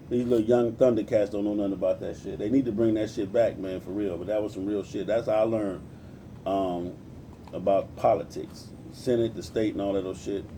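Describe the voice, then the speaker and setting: A man's voice: on the low side, warm tone, distant mic, a little hiss or hum. A man in his forties from Compton, California, ranting in a casual livestream, cursing freely and greeting viewers by name as he preaches. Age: 40s. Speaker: livestream host.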